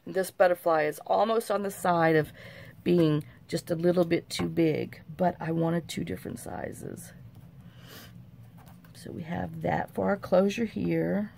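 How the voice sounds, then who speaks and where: Middle-aged woman, crafting tutorial host, gravelly fry in the voice, faint hiss behind. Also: fairly low pitch, a little slow, a little mellow. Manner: rambling, folksy and self-mocking.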